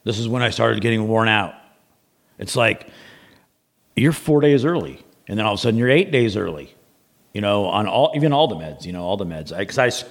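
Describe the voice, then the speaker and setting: A man guest on a podcast, telling a long story in a rambling, casual way, acting out what people said and swearing freely. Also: fairly low pitch.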